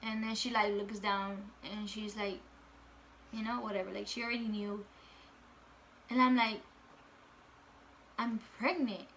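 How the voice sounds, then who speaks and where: Bright-voiced young woman telling a casual story. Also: mid-range voice, level tone, a little slow, long pauses, slight background noise. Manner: casual, full of fillers and swearing. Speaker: vlogger.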